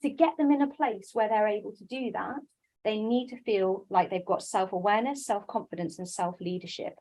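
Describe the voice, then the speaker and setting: A woman giving a conference talk on coaching, lively and self-deprecating, with quick quoted asides. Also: medium pitch, slight background noise, poor audio. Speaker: coaching speaker.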